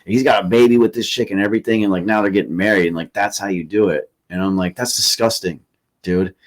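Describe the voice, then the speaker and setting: A man's voice: fairly low pitch, steady tone, fast talker. A man telling stories in a loose, profane podcast chat, full of fillers. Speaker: podcast host. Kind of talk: casual chat.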